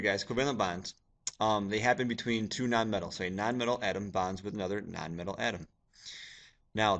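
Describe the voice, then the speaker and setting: A man's voice: on the low side, fairly bright tone. A male science teacher giving a recorded video lecture over slides, casual and joking with his students.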